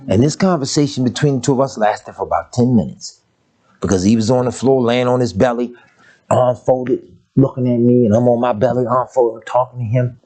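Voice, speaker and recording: A man's voice: mid-range voice, moderate pace, dark tone. An older man preaching a sermon, telling family stories and briefly mimicking the voices of his parents and grandmother.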